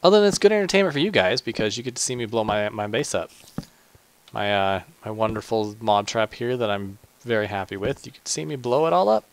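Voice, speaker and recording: A man with a fairly low, lively voice hosts a gaming channel, delivering chatty, self-deprecating let's play commentary at a fairly quick clip. He talks to himself, muttering asides and stumbling through restarts.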